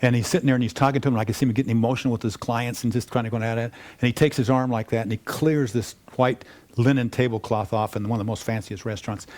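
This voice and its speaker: An older man talks to an audience at a quick clip, spinning stories from his working life. He rambles through restarts and side remarks, animated and chatty, in a mid-pitched voice. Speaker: wealth planning firm founder. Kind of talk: casual storytelling talk to an audience.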